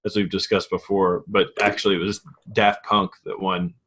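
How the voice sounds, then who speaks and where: A man co-hosting a podcast in casual chat, relaxed, giving short replies and correcting facts. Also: sits low, normal speed, background noise. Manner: relaxed, fact-checking, brief replies. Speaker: podcast co-host.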